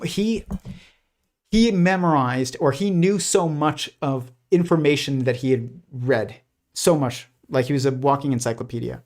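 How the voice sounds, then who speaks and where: A man hosting a casual livestream, thinking aloud with many restarts and fillers. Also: medium pitch. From United States. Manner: rambling, many restarts and fillers, laughs softly. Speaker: host.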